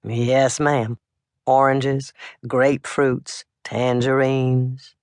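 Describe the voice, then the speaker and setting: A narrator voicing a smooth-talking, sinister male salesman with a polite, oily sales pitch. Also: level tone, very slow, darkish tone, no echo, studio quality.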